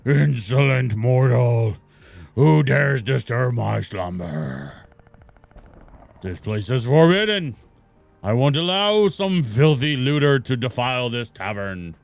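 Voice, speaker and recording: A man's voice: medium pitch, big pitch swings, slow, gravelly, heavily acted. A man voicing a grumpy ancient boggart guardian in the form of a cat, haughty and scolding, reading game dialogue aloud. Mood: indignant.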